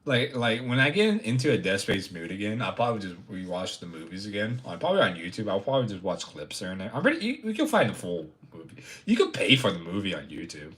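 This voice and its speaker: Young man, streamer, casual chat, profane and jokey, very animated pitch. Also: quick pace, hardly any pauses. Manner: rambling, profane, jokey, talks to chat, bursts into loud mock outrage.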